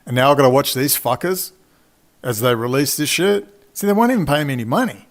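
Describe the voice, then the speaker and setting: A man's voice: medium pitch, lively intonation, a little fast. A man, from Australia, delivering an angry, profane, rambling monologue as a commentator. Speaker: independent commentator. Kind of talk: ranting monologue.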